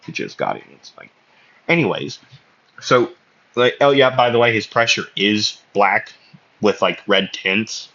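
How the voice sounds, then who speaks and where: A man's voice: on the low side, lively intonation, a little slow, bright, forceful tone. A man casually telling an anime fan story, rambling and hesitant, with many fillers and self-corrections, on a slightly muffled recording. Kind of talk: casual spoken fan fiction.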